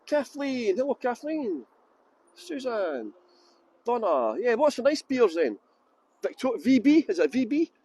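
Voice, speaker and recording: A man's voice: extremely high pitch, big pitch swings, measured pace, mellow, slight background noise. A middle-aged tour guide chatting casually on a livestream outdoors in a busy city, joking and rambling as he greets viewers by name into a handheld phone.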